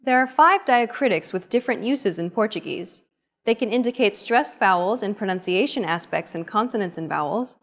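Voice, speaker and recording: A woman's voice: mid-range voice, lively intonation, normal speed. Woman narrating a language lesson. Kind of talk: scripted explanatory narration.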